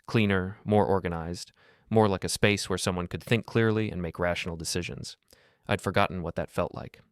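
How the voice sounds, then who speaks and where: A man giving calm, cold, measured first-person scripted narration. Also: low-pitched, clean tone, dry recording, clean studio sound.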